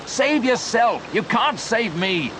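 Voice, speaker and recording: A man voicing an injured man who shouts warnings and urges others to save themselves, read as a storybook character. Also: sits high, sing-song, background noise, pitched above the performer's own voice, exaggerated voice. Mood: urgent. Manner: shouting warnings over rushing water.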